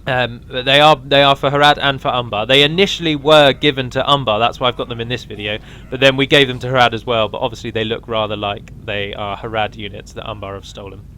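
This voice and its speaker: A man's voice: mid-range voice, steady tone, quick pace, hardly any pauses, bright, forceful tone, a little hiss or hum. A man giving a casual, rambling walkthrough of a strategy game mod, with frequent ums and restarts.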